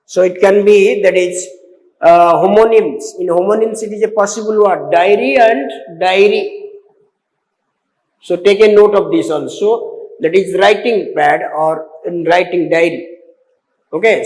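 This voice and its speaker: A man teaching an English exam-prep lesson, explaining slowly with many repeats and fillers and spelling out words letter by letter. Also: sits high, a little mellow. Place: classroom. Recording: echoey room with long reverb.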